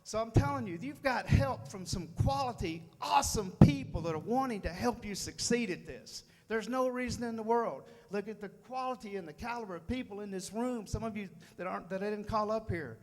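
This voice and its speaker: Man, motivational speaker, folksy and fired-up, high voice, reverberant meeting hall. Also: a little fast, few pauses, darkish tone. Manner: fired-up, folksy, repeats phrases for emphasis. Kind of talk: motivational speech. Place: meeting room with an audience.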